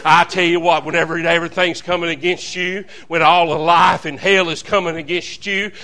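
Male preacher, fervent folksy sermon delivery, forceful and ringing. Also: fairly high pitch, little pitch movement, moderate pace. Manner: fervent, folksy, calls to the congregation. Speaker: visiting preacher. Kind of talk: revival sermon.

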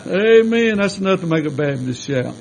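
A man's voice: sits high, lively intonation, normal speed, creaky, slight background noise, low-quality recording. A man preaching a sermon with fervent rhetorical questions and repeated calls of amen.

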